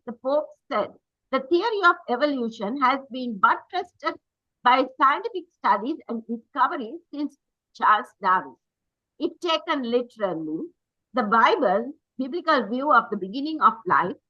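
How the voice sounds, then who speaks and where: A woman's voice: on the high side, sharp tone, no room sound, lo-fi sound. A woman preaching a sermon in an earnest, emphatic way, reading quotations aloud and correcting herself as she goes.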